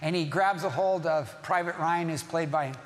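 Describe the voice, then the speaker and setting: A man's voice: a little high, moderate pace, long reverb tail. A man preaching as pastor, emphatic, repeating key phrases and putting questions to the congregation. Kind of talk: sermon.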